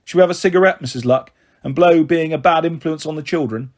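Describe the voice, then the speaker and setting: A man's voice: fairly high pitch, quick pace, natural voice. A man voicing a posh, down-to-earth middle-aged headmistress in a storybook reading. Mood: breezy. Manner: very posh voice but relaxed and friendly.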